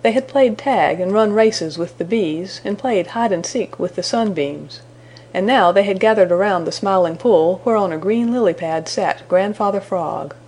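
A woman reading a children's storybook aloud in a gentle, measured way. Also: mid-range voice, a little hiss or hum. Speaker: storybook narrator.

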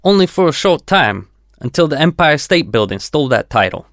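A plain-spoken building caretaker, as the narrator puts him on, his voice lifted higher than the narration. He talks in an easy, conversational way. The recording is dry and close. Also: very animated, fairly quick, a bit bright, dry recording. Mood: matter-of-fact. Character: building maintenance man, plain-spoken, Italian-American grandson.

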